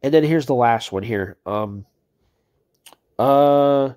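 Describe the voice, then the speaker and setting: Exasperated, sarcastic man with a mellow voice. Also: mid-range voice, slow pace. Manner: exasperated, sarcastic, swears a lot. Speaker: commentator reading out a chat exchange. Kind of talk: ranting commentary video.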